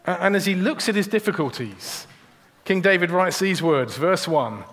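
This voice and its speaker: A man's voice: sits high, expressive, moderate pace, a bit bright. A man preaching a sermon in a church, earnest and direct, often repeating a word as he starts a sentence. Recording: long church reverb.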